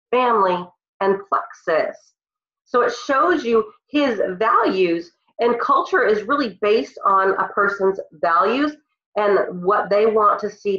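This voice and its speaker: A woman leading her team on a call sounds congested from a cold, her medium-pitched voice fairly bright as she delivers an earnest, emotional, motivational message. It's lo-fi call audio from a phone or computer, roomy and dull.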